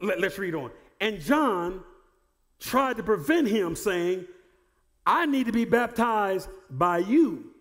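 A male pastor preaching a sermon who repeats and restarts words and builds to shouted emphasis. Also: high voice, expressive, slow, big-room sound. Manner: repeats words and stumbles on starts.

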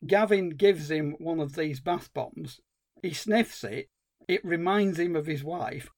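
A man's voice: fairly high pitch, measured pace, no echo. A man co-hosting a film podcast, ranting in exasperated, sweary casual chat. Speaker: podcast co-host.

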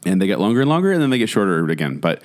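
Excitable male podcast co-host. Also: low-pitched, very fast. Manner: excitable, incredulous reactions. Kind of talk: casual chat.

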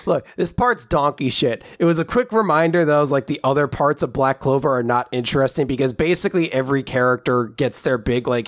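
A man co-hosting a podcast, recapping manga chapters in casual chat, joking and sarcastic, acting out characters in quick voices. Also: medium pitch, no echo, studio quality. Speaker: podcast co-host.

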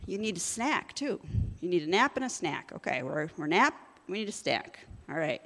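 A woman's voice: fairly low pitch, very animated, normal speed, a bit bright, long reverb tail. A woman preaching a sermon, mixing scripture reading with casual, joking asides. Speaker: pastor.

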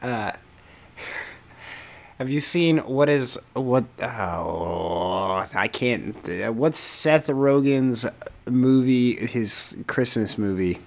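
A young man co-hosting a podcast in casual chat, rambling and laughing as he retells scenes with animated bursts. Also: medium pitch, drawn-out words. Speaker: podcast co-host.

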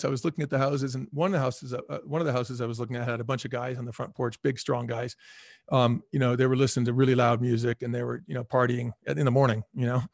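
Fast-talking animated man. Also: medium pitch, gravelly, no echo, clean studio sound. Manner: animated storyteller, acts out quoted dialogue. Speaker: former restaurant chain CEO, guest. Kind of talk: casual podcast interview.

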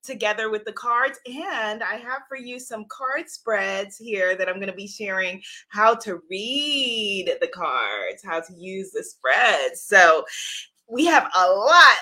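A woman's voice: medium pitch, animated, takes it slowly, pushed and bright. A woman hosting a live stream as an author, chatting effusively with viewers, greeting commenters by name and laughing often. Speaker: livestream host and author.

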